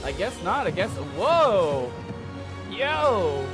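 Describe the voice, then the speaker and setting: A man's voice: extremely high pitch, brisk, music in the background. A man streaming live games, playing a playful pirate captain who hypes up his viewers with lots of repetition. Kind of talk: live game stream commentary.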